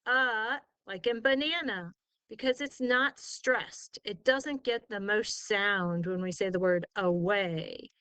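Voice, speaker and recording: Slow, patient woman teaching spelling. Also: medium pitch, fairly bright tone, clear, resonant tone, no room sound. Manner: encouraging, sounds words out syllable by syllable. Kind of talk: slow, patient tutoring lesson.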